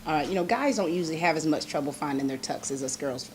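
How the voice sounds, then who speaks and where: A woman's voice: low voice, lively intonation, quick pace, slight background noise. Bubbly woman TV host. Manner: chatty, bubbly, laughs often. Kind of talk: local TV interview.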